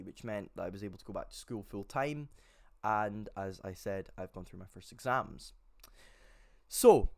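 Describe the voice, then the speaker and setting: A young man in his late teens gives a casual introduction to his channel, talking in a chatty and hesitant way with frequent fillers. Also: medium pitch. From Scotland. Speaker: channel host.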